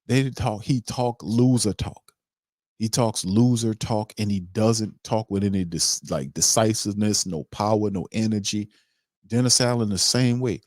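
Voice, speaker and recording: A low-voiced man hosts a sports podcast, driving his points home with heated, repetitive emphasis and casual slang. The sound is close and dry, with no room around it. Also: a little slow, a little mellow, no echo. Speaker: podcast host.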